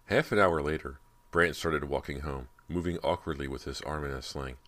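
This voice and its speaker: A male audiobook narrator with an extremely low, deep voice. He reads a spooky young-adult novel in a steady, measured way. The delivery is calm and even throughout. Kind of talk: scripted narration.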